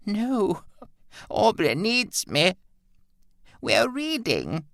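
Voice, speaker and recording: Frail, confused older woman, quavering and high, voiced by a male audiobook reader. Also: huge pitch swings, gravelly, sharp tone, no room sound, clean studio sound, full character voice. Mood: distraught. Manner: trembling, drawn-out, high and fragile. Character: frail confused elderly mother, frightened and clinging. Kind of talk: audiobook character voice.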